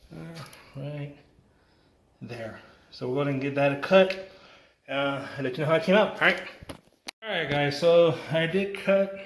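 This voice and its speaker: Man, DIY vlogger, casual how-to chat, echoey bare room, faint background hiss. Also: mid-range voice. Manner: relaxed, chatty, many ums and asides to viewers. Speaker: DIY home renovation vlogger. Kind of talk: casual how-to narration while working. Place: indoors in a small room under renovation.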